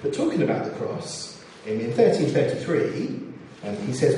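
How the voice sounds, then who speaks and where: Male preacher, lively, expressive sermon delivery, roomy echo, mic at a distance. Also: fairly high pitch, normal speed, a little hiss or hum. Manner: expressive, acts out scripture quotes. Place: church or hall. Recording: echoey hall, distant mic, faint ambience.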